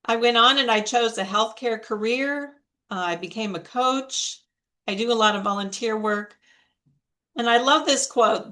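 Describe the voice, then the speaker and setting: A woman speaking as a coach on a video call, giving a motivational talk on public speaking in a deliberate, emphatic way. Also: medium pitch, sharp tone. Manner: slow, deliberate, emphatic delivery. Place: online video meeting.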